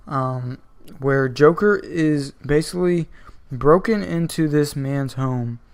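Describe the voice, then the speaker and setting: A man's voice: medium pitch, darkish tone. A man reviewing comic books in a casual, rambling style full of fillers. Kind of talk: casual video commentary.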